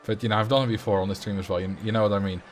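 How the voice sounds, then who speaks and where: A man's voice: on the low side, steady tone, racing, slight background noise. A man from the Netherlands with a Dutch accent, chatting casually on a game livestream and rambling with fillers as he reacts to chat. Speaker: streamer.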